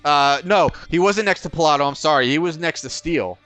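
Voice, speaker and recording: Bright, crisp-voiced man chatting on a podcast. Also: a little high, brisk, soft background music. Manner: storytelling, profane, many restarts. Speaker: podcast co-host. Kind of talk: casual chat.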